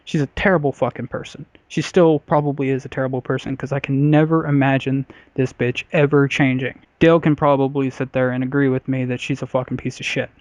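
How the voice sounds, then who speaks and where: A man's voice: medium pitch, little pitch movement, a little fast, hardly any pauses, darkish tone, dry recording. A man co-hosting a casual comedy podcast, telling a story bluntly and profanely with lots of uhs and likes. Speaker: podcast co-host. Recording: slightly dull podcast audio.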